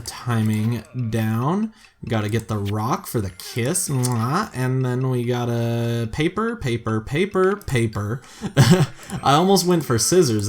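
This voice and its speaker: A man hosting a casual let's-play, talking through his moves in a chatty, self-mocking way with excitable bursts. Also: mid-range voice. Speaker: gaming video host.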